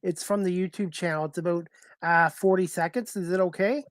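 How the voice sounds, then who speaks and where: A man's voice: high-pitched, fairly even intonation, no echo. Polite male talk show host, dry sound. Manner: polite, halting questions with "uh". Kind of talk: live-streamed talk show interview.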